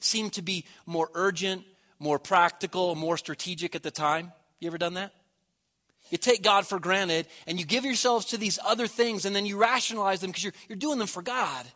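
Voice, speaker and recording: A man preaching a sermon, swelling loud on key words and dropping to a near hush at the ends of phrases. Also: fairly high pitch.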